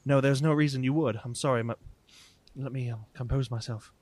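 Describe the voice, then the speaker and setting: A man voicing an excited, haggard wandering stranger who is eager and apologetic. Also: medium pitch, fairly quick, dry recording, lightly acted. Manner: eager, apologetic, flustered politeness.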